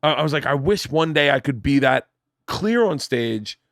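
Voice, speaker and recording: A podcast host in casual chat, telling animated anecdotes and putting on the voices of the people in them. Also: male voice, medium pitch, moderate pace, dry recording, studio quality.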